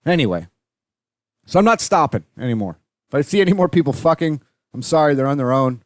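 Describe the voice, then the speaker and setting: The young Canadian podcast host talks a little fast in a slightly high voice, on a dry recording with clean studio sound. He tells stories in a profane, rambling, casual way, becoming animated as he retells them.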